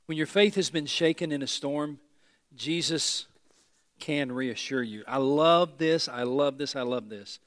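Animated preaching man, fairly high voice. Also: measured pace. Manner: animated preaching, swinging from loud emphasis to hushed low delivery; repeats phrases, talks directly to the congregation. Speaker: pastor. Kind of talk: sermon.

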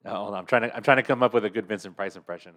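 A man's voice: on the low side, rapid-fire, fairly bright tone. A man co-hosting a casual podcast chat, playful and laughing often as he trades jokes and impressions. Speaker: podcast co-host.

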